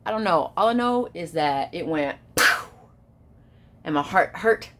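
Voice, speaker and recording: A woman talking straight to camera in a casual motivational monologue, emphatic and repeating herself, moving between hushed and shouted lines. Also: low-pitched, normal speed. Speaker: vlogger.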